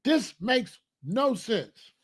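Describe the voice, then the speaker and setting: A man's voice: extremely high pitch, very animated, very slow, breathy edge. A man hosting a comedic monologue, preachy and full of rhetorical questions. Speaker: comedian host.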